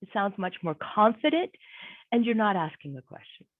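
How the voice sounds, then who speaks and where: A woman's voice: medium pitch, big pitch swings, normal speed. A woman career coach giving an online workshop presentation, conversational and emphatic, repeating her key points. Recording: tinny phone-like audio.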